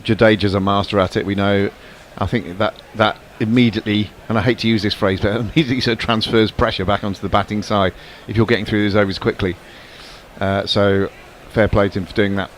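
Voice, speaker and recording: A man's voice: on the low side, level tone, a little fast, a little hiss or hum. Dry-humoured male co-commentator from England. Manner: dry, jokey, laughs easily. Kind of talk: casual cricket commentary banter. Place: studio in south London.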